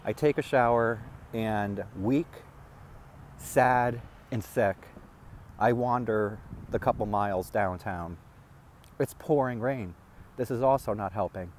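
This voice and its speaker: A man telling a rambling personal story as a vlogger, halting and restarting as he talks. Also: lowish voice, darkish tone, a little hiss or hum.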